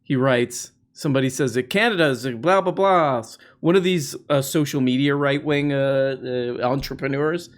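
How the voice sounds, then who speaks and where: A man talks through the news in a loose, sardonic way, stumbling over restarts and mocking the people he covers. His voice sits at an ordinary middle pitch. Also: normal speed, hardly any pauses. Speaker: political commentary host. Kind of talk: casual commentary.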